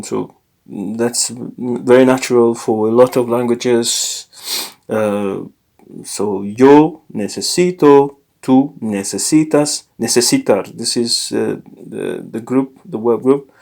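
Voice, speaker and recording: Man teaching a lesson, halting and self-correcting. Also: mid-range voice, gravelly, darkish tone. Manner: unscripted, self-correcting, frequent fillers and restarts. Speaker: language teacher. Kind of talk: informal recorded lesson.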